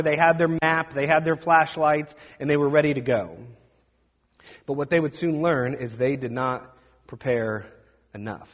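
Male preacher, fairly high voice, dramatic storyteller who drops to a hush, dull recording. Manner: dramatic, shifts between loud and hushed. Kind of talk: sermon storytelling. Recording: dull sound with long hall reverb.

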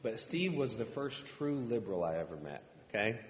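A male pastor preaches in a relaxed, storytelling way, throwing questions out to the congregation. His voice rings around a large church hall with a long tail of reverb. The sound is slightly dull and muffled. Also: on the low side, normal speed. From Indiana, USA. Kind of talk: sermon.

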